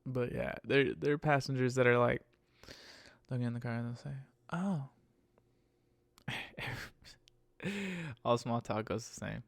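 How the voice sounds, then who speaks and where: A man hosts a podcast and launches into a casual, profane, exasperated rant about his work as a rideshare driver, laughing all the way through. He's animated and jumps into a higher pitch when mocking. His delivery is a little slow, with vocal fry and long pauses, and there's no echo.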